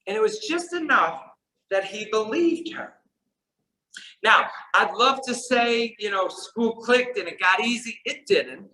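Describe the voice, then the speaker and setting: Guy with a high voice telling an earnest story at a conference, soft then emphatic. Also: expressive, unhurried, rough recording. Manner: earnest, shifts between soft and emphatic delivery. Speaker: keynote speaker.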